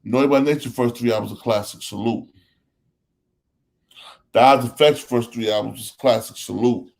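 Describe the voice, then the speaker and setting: A man's voice: mid-range voice, fairly even intonation, moderate pace, gravelly, darkish tone. Host, man, New Jersey accent, emphatic casual monologue, lists names and repeats lines. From Elizabeth, New Jersey.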